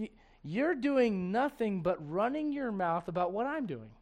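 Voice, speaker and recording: A middle-aged man preaching with a high, lifted voice. He swings from hushed asides to loud, animated quoted voices and chuckles at his own jokes. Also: a little fast. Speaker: pastor. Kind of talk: sermon.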